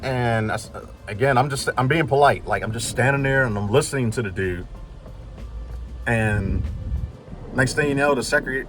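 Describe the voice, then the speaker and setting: A man's voice: mid-range voice, normal speed, a bit bright, faint music behind. Rambling casual male vlogger. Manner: rambling, full of "like" fillers, retells dialogue. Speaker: vlogger, truck builder. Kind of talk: casual storytelling.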